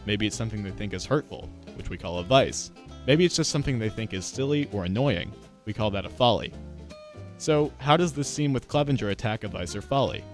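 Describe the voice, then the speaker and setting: A man teaching a literature lesson in a scripted narration, explaining clearly and speaking directly to students. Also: on the low side, lively intonation, a little fast, faint music behind.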